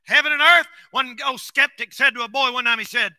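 A pastor preaching a folksy sermon in a strikingly high, piercingly bright voice. He swings from quiet asides to shouted bursts. The sound is close and completely dry. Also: a little fast, dry recording.

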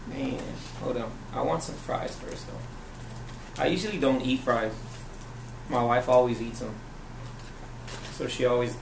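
A man vlogging, chatting casually over a meal and rambling as he repeats himself. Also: medium pitch. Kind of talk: casual mukbang chat. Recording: distant echoey noisy recording.

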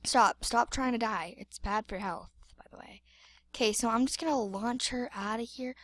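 A woman's voice: fairly high pitch, moderate pace. Silly, dramatic gamer woman. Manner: dramatic, silly, exclaims and repeats words. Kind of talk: playful gameplay commentary.

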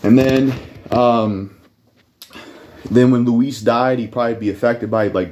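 A man's voice: medium pitch, steady tone, unhurried, pauses often, a little mellow. A man rambling casually about a video game idea, cursing often, trailing off and poking fun at himself. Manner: rambling, profane, self-deprecating, with many fillers. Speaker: gaming youtuber.

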